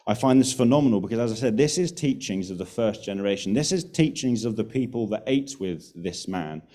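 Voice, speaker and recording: A man's voice: fairly low pitch, animated, a little fast, dark tone. A man preaching a sermon in an earnest, emphatic way, repeating key phrases for stress.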